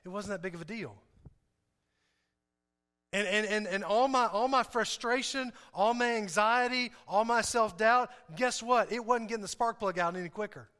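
A man's voice: high voice, normal speed, pushed and bright, long reverb tail. A man preaching a sermon, telling a story with self-deprecating humor, repeats and laughs. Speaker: pastor.

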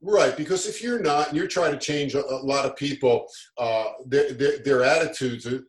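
A middle-aged man talks in an upbeat, motivational tone, pausing on fillers and restarting phrases as he works through a point. His voice sits in a middle pitch and carries a noticeable roomy echo. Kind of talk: motivational conversation.

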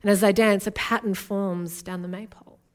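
A woman's voice: mid-range voice, steady tone, moderate pace. A woman, from Australia, preaching an earnest and intimate sermon as a guest speaker.

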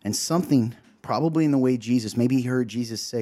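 A man co-hosting a show shares a devotional, delivering an emotional, sermon-like talk in which he earnestly acts out quotes and keeps asking "right?". His voice is mid-range and mellow, and he speaks a little fast.

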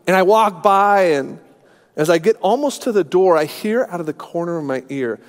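A man's voice: high-pitched, lively intonation, moderate pace, big-room sound. A man in his thirties preaching a sermon, telling personal stories with humor and self-deprecation. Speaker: pastor.

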